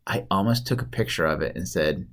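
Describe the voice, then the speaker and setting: Low-voiced man telling rambling stories. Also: animated, fairly quick. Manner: rambling storyteller, laughs often. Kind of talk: casual chat.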